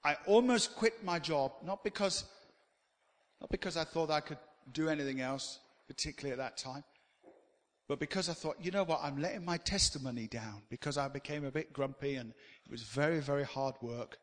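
A man preaching a sermon, animated and swinging between loud emphasis and quiet asides. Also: on the high side, moderate pace. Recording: long hall reverb.

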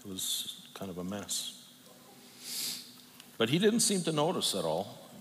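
Emotional middle-aged preacher in a reverberant hall. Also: male voice, fairly low pitch, huge pitch swings, a bit bright. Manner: halting, emotional storytelling with long pauses. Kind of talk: emotional personal testimony sermon. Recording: long reverb from a hall, faint noise.

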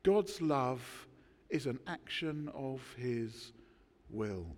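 A man preaching a sermon, emphatic, with dramatic pauses between words. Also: medium pitch, animated, long reverb tail. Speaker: pastor. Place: church.

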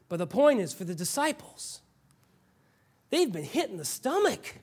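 A male pastor preaching a sermon with animated storytelling, now and then dropping suddenly to a quiet voice. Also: high-pitched, normal speed, long pauses.

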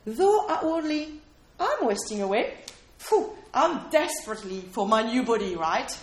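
Woman preacher, high voice, chatty sermon delivery that keeps checking in with the room, roomy echo. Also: very animated, unhurried, slight background noise. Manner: conversational, keeps checking in with "okay?" and questions to listeners. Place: room with a small responding audience.

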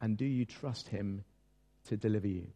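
A man's voice: lowish voice, moderate pace, mellow. A man preaching a sermon as pastor, conversational and self-deprecating, with frequent fillers and repeated words. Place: church. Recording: long church reverb.

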